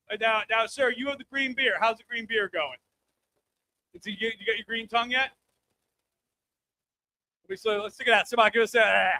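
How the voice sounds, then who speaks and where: A man in his thirties doing a live stand-up comedy set, brash and loud, working the crowd and breaking into shouts. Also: high-pitched, a little hiss or hum. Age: 30s. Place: comedy club stage.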